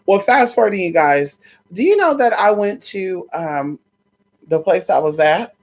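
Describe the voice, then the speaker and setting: A sassy woman vlogger telling a story straight to her viewers. She talks in an animated, casual way and swears freely. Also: fairly low pitch, measured pace.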